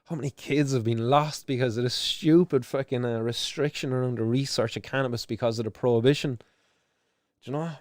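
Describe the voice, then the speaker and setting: A man's voice: medium pitch, steady tone, fairly quick, darkish tone, no room sound. Impassioned Irish man on a stream. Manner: impassioned, swearing, many restarts and "do you know". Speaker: stream host. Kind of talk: emotional live-stream commentary.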